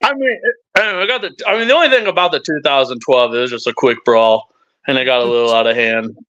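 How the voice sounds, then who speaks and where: A man's voice: mid-range voice, quick pace. A young man telling rowdy stories in a casual, profane chat as a guest on a live stream. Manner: profane, animated storyteller. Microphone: live-stream mic. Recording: dull lo-fi stream audio.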